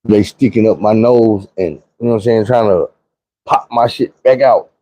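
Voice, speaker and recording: A man's voice: on the low side, normal speed, no room sound, low-quality recording. A young man telling a profane, vivid personal story in a casual monologue. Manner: vivid, profane retelling with shouted quotes.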